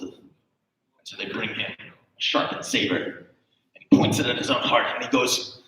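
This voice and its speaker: A man telling a long joke on stage, acting out the characters' lines loudly. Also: mid-range voice, normal speed, pauses often. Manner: animated storyteller, acts out character lines loudly. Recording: echoey hall from far off.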